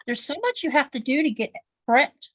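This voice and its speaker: A woman's voice: high voice, very animated, normal speed, dry recording, dull audio. A woman chatting casually on a sewing livestream as co-host, telling long rambling stories with many fillers.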